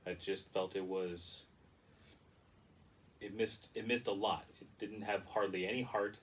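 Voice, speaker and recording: A man's voice: deep voice, steady tone, measured pace, fairly bright tone, recorded from a distance, rough recording. A man giving a casual, rambling and critical movie review with frequent restarts.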